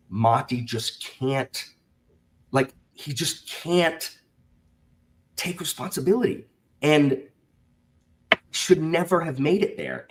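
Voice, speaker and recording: A man hosting a casual book discussion on a video call, talking animatedly and acting out characters' lines. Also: mid-range voice. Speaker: booktube host.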